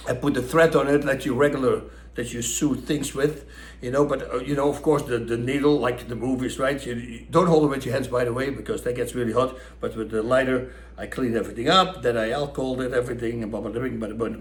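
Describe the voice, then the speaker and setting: A middle-aged man with a Dutch accent telling a story casually and animatedly, acting out what people said. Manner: animated, acts out quotes with raised pitch. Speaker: storyteller host. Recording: echoey room.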